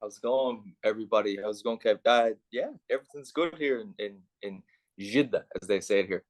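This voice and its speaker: A man's voice: on the low side, no room sound. An Irish man chatting as a podcast guest, rambling and full of "like". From Ireland. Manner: rapid, rambling, peppered with "like". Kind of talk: casual podcast chat.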